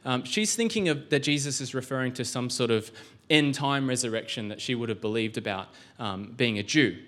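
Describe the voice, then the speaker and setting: A man preaches a sermon in a church, talking in a loose, conversational way. He keeps throwing rhetorical questions at the room and restarts his sentences often. His voice sits at an ordinary middle pitch. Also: brisk, a bit bright. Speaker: pastor.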